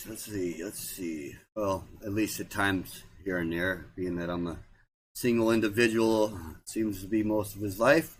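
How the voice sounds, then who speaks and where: A man's voice: on the low side, slight background noise. Rambling man hosting a livestream. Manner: rambling, repeats himself, trails off. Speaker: livestream host. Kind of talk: casual livestream chat.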